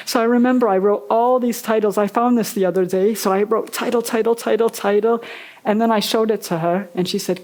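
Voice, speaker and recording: A woman's voice: medium pitch, steady tone, brisk, a little mellow, low-quality recording. A woman novelist talking with an interviewer at a live festival event. She is chatty, laughs often and acts out the people she quotes.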